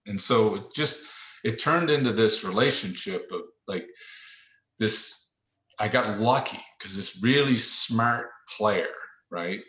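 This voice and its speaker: A man in his fifties from Nova Scotia, once a pro football lineman, talks through old memories on a podcast. His voice sits very low, and he circles back over his words with fillers and false starts. The sound is roomy, with a noticeable echo. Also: sharp tone. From Nova Scotia, Canada. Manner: rambling, many restarts and fillers, plain-spoken. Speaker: former pro football player, podcast guest. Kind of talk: reflective storytelling in a podcast interview.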